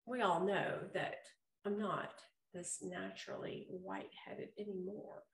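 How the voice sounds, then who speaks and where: A middle-aged woman co-hosting a podcast in casual chat, explaining things slowly and deliberately. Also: fairly low pitch, big pitch swings, a little hiss or hum. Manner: slow, drawn-out explaining. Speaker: podcast co-host. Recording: echoey room.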